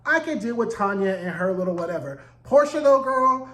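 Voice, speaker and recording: A man's voice: high-pitched, lively intonation, a little fast, fairly bright tone, echoey room, low-quality recording. A man giving a casual recap of a TV episode, sassy and profane with chatty asides. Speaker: TV recap reviewer.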